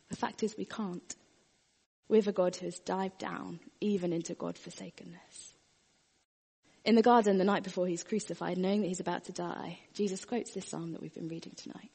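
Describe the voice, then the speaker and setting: A woman preaching a sermon, earnest, often dropping her voice very soft and quiet. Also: mid-range voice, steady tone, a little fast, vocal fry, husky, long reverb tail.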